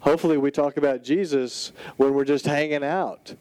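A man preaching a sermon in an animated, conversational storytelling style, full of casual asides. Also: fairly high pitch, moderate pace, clean tone, no room sound, rough recording. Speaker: pastor.

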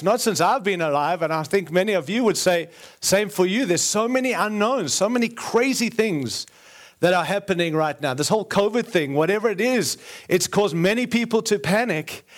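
A middle-aged man with a mixed Australian and American accent preaching a sermon as a guest speaker, earnest with joking asides and repeated phrases. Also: high-pitched. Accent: Australian-American mix.

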